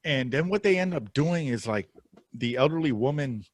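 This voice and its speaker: A man's voice: mid-range voice, moderate pace, dry recording. A man co-hosting a film podcast, talking casually about upcoming movies with lots of fillers and restarts. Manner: relaxed, rambling with many fillers and restarts. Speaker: podcast co-host presenting film trailers. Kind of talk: casual chat.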